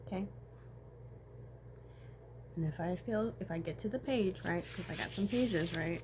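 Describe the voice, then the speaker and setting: A woman's voice: on the low side, a little slow, pauses often. A young woman talking to camera in a rambling, emotional personal vlog, swearing often and swinging between tears and laughter. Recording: faint background noise.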